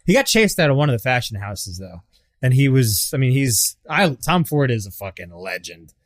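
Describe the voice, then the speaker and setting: A man co-hosting a casual comedy podcast, chiming in with quick agreement and asides. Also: mid-range voice, sing-song, no room sound, clean studio sound.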